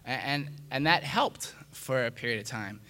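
A man's voice: medium pitch, expressive, normal speed, sharp tone. A man telling his recovery story in a frank, self-mocking way, often dropping "man" and restarting his sentences. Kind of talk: candid personal testimony.

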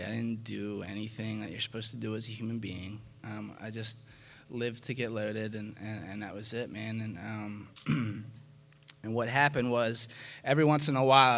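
A man's voice: lowish voice, vocal fry, fairly bright tone. A man giving a candid personal testimony about his past, rambling and confessional, full of fillers and restarts, frank and self-mocking. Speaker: speaker sharing his recovery story.

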